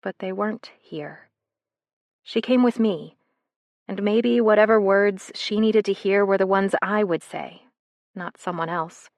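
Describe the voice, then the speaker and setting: A woman reading a first-person romance novel in a soft, intimate way, as scripted narration. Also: medium pitch, a little slow, gravelly, no room sound. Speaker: audiobook narrator.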